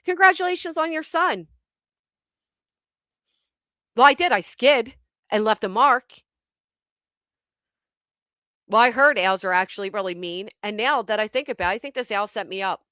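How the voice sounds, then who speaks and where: A woman hosting her channel, telling a comic story to her live chat with animated, profane delivery and dramatic pauses. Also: a little high, no echo, clean studio sound. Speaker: channel host.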